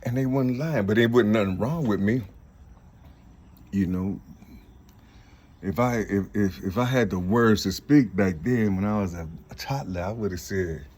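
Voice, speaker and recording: Husky middle-aged man rambling profanely. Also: normal speed, long pauses. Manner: profane, repetitive, swings from loud boasting to low mumbling. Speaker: vlogger. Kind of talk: rambling outdoor monologue. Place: outdoors among trees.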